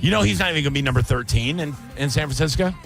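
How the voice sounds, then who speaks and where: A man hosting a radio talk show, ranting casually and jumping into loud, high yells. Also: animated, rapid-fire, vocal fry, music in the background. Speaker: radio host. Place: radio studio.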